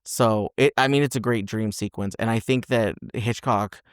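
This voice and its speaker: A man's voice: fairly low pitch, moderate pace, clean tone, dry recording, clean studio sound. A man co-hosting a casual film review podcast, recapping a plot and acting out its characters in exaggerated voices. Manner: animated storyteller, acts out characters with exaggerated voices. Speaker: podcast co-host.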